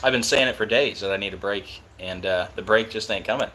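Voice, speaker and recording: A young man hosting a live stream, talking casually and excitedly in disbelief. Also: fairly low pitch, brisk, a little hiss or hum.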